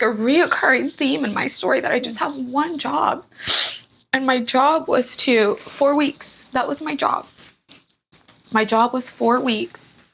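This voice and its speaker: A woman's voice: sits high, creaky, a bit bright, slightly rough. A woman telling her own story as a podcast guest, candid and emotional, rambling with fillers. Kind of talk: personal storytelling in a podcast interview.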